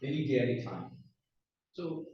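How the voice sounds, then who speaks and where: Lively Nigerian man lecturing in an echoey room. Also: medium pitch, moderate pace, slight background noise. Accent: Nigerian English. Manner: emphatic, repeats phrases, quizzes the audience. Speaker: public speaking trainer. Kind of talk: classroom lecture to a live audience. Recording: echoey, distant, dull room recording.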